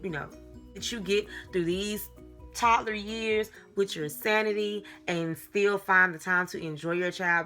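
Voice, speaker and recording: A young woman talks through parenting tips in a loose, chatty vlog manner, repeating phrases and laughing along the way. Her voice sits a little low but sounds bright and forward. Faint music plays underneath. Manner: chatty, animated, repeats herself, laughs often. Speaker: mom vlogger. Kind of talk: casual advice vlog.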